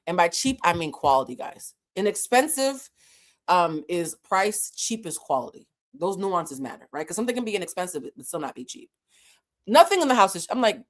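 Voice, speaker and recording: A woman vlogger telling a story in a casual, animated, blunt way, with frequent swearing. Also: mid-range voice, fast talker.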